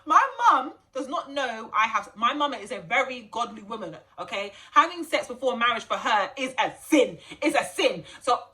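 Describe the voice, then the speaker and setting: A young woman tells a personal story straight to camera. Her voice sits a little high and swoops widely, with a sharp, bright edge. She talks in a chatty, animated way, laughing often and repeating phrases for emphasis. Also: moderate pace, few pauses. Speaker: vlogger.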